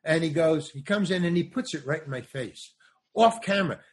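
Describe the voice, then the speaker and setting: An older man, a comedian and actor, telling anecdotes as a guest in an animated way and acting out other people's lines. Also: fairly high pitch, moderate pace. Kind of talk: anecdotal storytelling.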